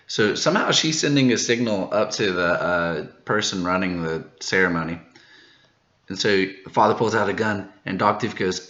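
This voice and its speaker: A man hosting a manga reaction video, recapping the chapter in a casual, excited way, laughing often and tripping over his words when he gets hyped. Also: low-pitched, moderate pace, roomy sound, dull audio. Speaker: manga reaction channel host.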